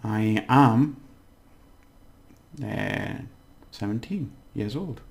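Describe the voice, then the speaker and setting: A man giving a casual language lesson, explaining slowly and repeating words, with many fillers. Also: lowish voice, creaky, slight background noise. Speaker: language teacher.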